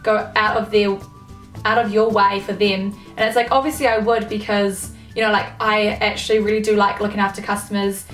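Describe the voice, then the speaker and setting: Young woman, exasperated swearing vlog rant, mid pitch, echoey room, mic set back. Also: flat delivery, brisk, a bit bright, far from the mic, soft background music. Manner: swears a lot, filler-heavy, exasperated. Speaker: vlogger. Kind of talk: casual ranting monologue.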